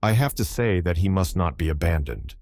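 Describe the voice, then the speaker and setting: A man voicing a hoarse, rough-spoken sailor who talks in halting, broken phrases and keeps begging to be understood. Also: sits low, expressive, a little mellow, no echo, studio quality. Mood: insistent. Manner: repeats himself, pleads to be understood. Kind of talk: audiobook character voice.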